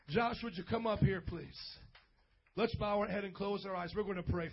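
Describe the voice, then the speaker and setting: A young man's husky, fairly high voice drives an energetic youth sermon, swinging from playful slang up to shouted calls. The sound is a little dull and lo-fi. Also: normal speed. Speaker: youth pastor. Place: church youth service.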